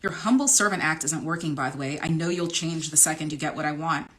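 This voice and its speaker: A woman's voice: sits low, quick pace, a bit bright. A woman reading as a snippy college girl. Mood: sarcastic. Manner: snippy, sarcastic. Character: sharp-tongued young college woman, annoyed. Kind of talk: romance novel read-aloud.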